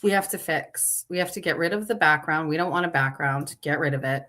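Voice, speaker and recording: A woman's voice: low-pitched, brisk, bright, forceful tone. A woman hosting a livestream in casual chat, flustered and talking to herself while she fixes her stream settings live. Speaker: show host.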